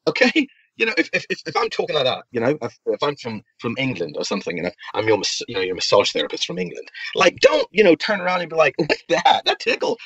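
A man co-hosting a podcast in casual chat, animated and jumping up in pitch as he gets excited. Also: dry recording. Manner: animated, jumps high in pitch when excited. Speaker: podcast co-host. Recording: dull, dry lo-fi audio.

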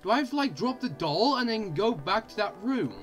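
Brief: excitable gamer guy doing horror commentary, bright voice, swoops wildly up and down. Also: high voice, fairly quick, soft background music. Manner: excitable, yelps and screams, mild swearing. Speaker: gaming channel host. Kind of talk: let's play commentary.

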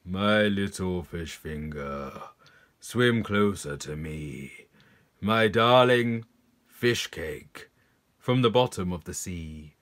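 Man playing a low, oily, coaxing predator fish, slow and sly. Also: animated, fairly bright tone, exaggerated voice. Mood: hungry. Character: smooth-talking hungry predator fish.

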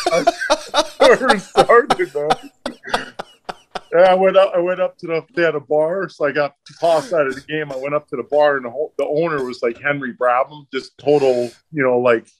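A middle-aged man, a podcast guest, telling profane, animated stories about his hockey days in a casual way. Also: on the high side. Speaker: podcast guest, former pro hockey enforcer. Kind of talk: casual storytelling.

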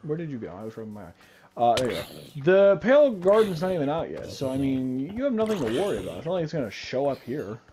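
A man's voice: mid-range voice, big pitch swings, fast talker, mellow. A young man casually chatting while playing a game with a friend, rambling, repeating words and swearing lightly. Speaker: gamer co-player. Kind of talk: casual gaming chat.

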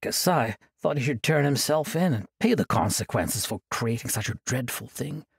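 A man narrating a fantasy audiobook in an expressive, dramatic storytelling manner, close to the microphone. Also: medium pitch, moderate pace, vocal fry, breathy edge, dry recording.

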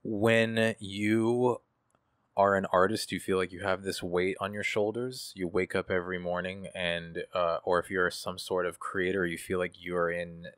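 A man with a deep, low voice, speaking as the guest in an interview and opening up in a casual, profane way. He fills his talk with "um" and "you know what I'm saying". The sound is dry and close. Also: fairly bright tone, smooth, dry recording. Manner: casual, profane, reflective with many fillers. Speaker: guest artist. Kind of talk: candid interview.

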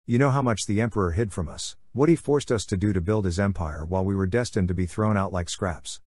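Guy reading as a smug sarcastic warlord, low voice, dry close sound, mocking then snapping. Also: fairly quick, darkish tone, dry recording. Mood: scornful. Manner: smooth, sarcastic, flares into fury. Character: scheming silver-tongued male warlord, mocking and bitter. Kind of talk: audiobook character voice.

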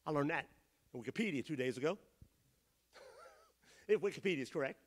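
A man preaching a sermon as pastor in a church, rising to shouted emphasis and dropping to quiet asides. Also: fairly high pitch, lively intonation, moderate pace. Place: church sanctuary.

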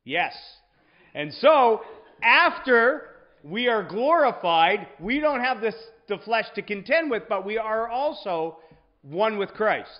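High-voiced man teaching Bible class. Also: very animated, takes it slowly, highs cut off. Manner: conversational, checks in with "right?". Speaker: Sunday school teacher.

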